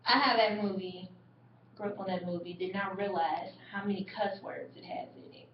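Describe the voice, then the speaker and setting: A woman's voice: medium pitch, moderate pace, slight background noise. A young woman and mother retelling movie scenes in casual webcam chat, laughing often. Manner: animated storyteller, laughs often. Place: indoor room. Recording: echoey, distant, dull webcam audio.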